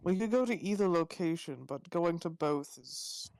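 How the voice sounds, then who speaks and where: A man's voice: a little high, lively intonation, moderate pace, gravelly, darkish tone. A man playing a tabletop game, talking through travel plans in a blunt, practical way. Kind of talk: casual game chat over voice call.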